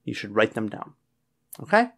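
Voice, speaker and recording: A man's voice: lowish voice, big pitch swings, normal speed, gravelly, fairly bright tone. A man who is a test teacher and writer, giving a casual lecture from his office and checking in with "okay?" after nearly every point. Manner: frequent checking "okay?" and "all right?". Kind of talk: casual classroom lecture to camera.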